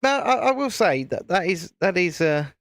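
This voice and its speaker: Man, live-stream host, chatty, laughs a lot, casual swearing, lively swooping voice, dry close sound. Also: high-pitched, moderate pace, gravelly, dry recording. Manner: chatty, laughs often, mild swearing, restarts. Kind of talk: casual live-stream chat while building.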